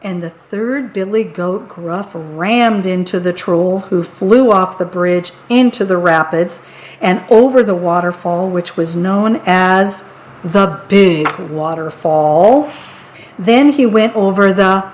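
Slow, playful woman reading picture books. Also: lowish voice, low-quality recording. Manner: playful, unhurried storytelling. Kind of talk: storybook read-aloud.

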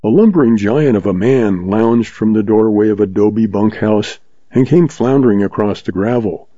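A man narrating a western novel as an audiobook in a steady, measured read, with a dull, dry, lo-fi sound. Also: lowish voice, no echo.

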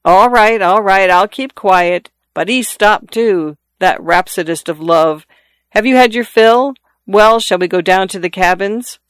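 A reader voicing a skeptical old father who grumbles and philosophizes, in a smooth, dry voice. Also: medium pitch, a little slow, a bit bright, no echo, close to an everyday voice. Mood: teasing. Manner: wry, philosophizing, growls.

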